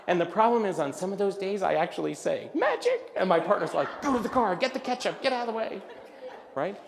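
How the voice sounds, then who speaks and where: An older man with a slightly high voice tells comic stories to a luncheon crowd, jumping into voices for the people he quotes. His words ring out with a long reverb from the hall. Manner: animated, acts out voices of others in his stories. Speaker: luncheon speaker. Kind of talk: comic storytelling talk. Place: event hall.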